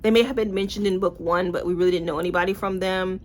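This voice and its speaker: A young woman casually reviewing books in a vlog, blunt and animated, with swearing and playful asides. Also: on the low side, quick pace, a little hiss or hum. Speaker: book reviewer.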